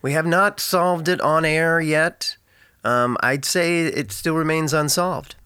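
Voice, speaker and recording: A man's voice: a little high, fairly even intonation, slow pace, pushed and bright, clean tone, no room sound, studio quality. A man co-hosting a casual podcast, stammering and giggling in a playful way. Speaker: podcast co-host.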